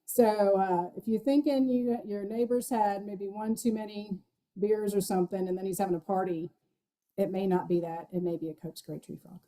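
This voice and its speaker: A woman's voice: medium pitch, fairly even intonation, moderate pace, warm tone, poor audio. A woman giving a chatty, enthusiastic talk on frog calls as a wildlife outreach coordinator, with many fillers.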